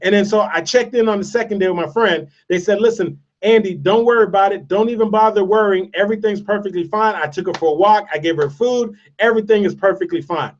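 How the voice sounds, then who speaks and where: A man's voice: sits high, fast talker, hardly any pauses. A man giving a motivational speech, telling a story with emphatic repetition. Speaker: motivational speaker. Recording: distant, dull lo-fi sound.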